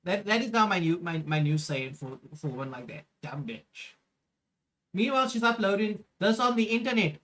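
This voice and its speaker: A woman's voice: a little high, a bit bright. A woman streamer reacting to clips in a profane, mocking rant, swearing heavily.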